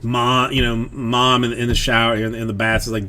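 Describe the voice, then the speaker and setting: A man's voice: medium pitch, level tone, moderate pace, bright, forceful tone, slight background noise. A man in his thirties chatting casually on a livestream about being a father, rambling with plenty of fillers and restarts. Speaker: streamer, father of a young daughter.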